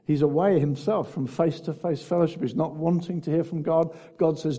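A man preaching a sermon, swinging between loud exclamations and hushed, intimate asides. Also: fairly high pitch, a little fast, few pauses.

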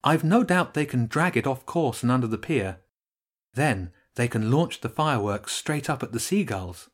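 A man voicing a stern, straight-faced female cat in a storybook reading, measured and severe. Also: medium pitch, animated, close to an everyday voice.

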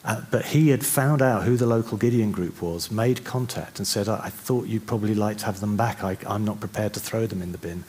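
A man preaching a sermon, chatty and full of restarts, then slowing to soft, reflective passages. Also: on the low side, slightly rough.

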